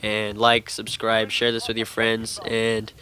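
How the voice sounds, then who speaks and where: A man's voice: on the low side, completely flat delivery, unhurried, sharp tone, slight background noise. A young man telling a spooky story to camera in a rambling, casual way, swearing constantly. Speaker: vlogger telling a scary story.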